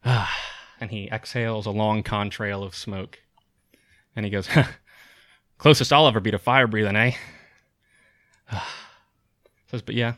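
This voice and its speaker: Guy doing a little kobold dude, winded, chatty and folksy, low-ish voice. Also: steady tone, unhurried, pauses often, fairly bright tone, dry recording, clean studio sound. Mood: wry. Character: small out-of-breath male kobold inn worker.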